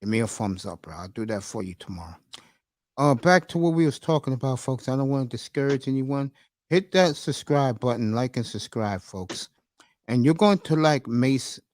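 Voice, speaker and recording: A man's voice: lowish voice, darkish tone, no echo, studio quality. A man hosting a casual live stream, rambling and emotional, calling his listeners bro and folks. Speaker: livestream host. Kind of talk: casual livestream chat.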